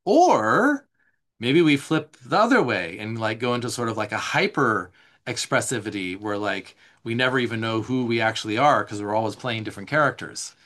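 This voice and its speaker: A man leading a live somatic class, reading notes aloud and explaining them in a relaxed, conversational way, responding to viewer questions. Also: lowish voice, a little fast. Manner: reads slides aloud, then explains in casual asides. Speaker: somatic teacher. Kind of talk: live online class teaching.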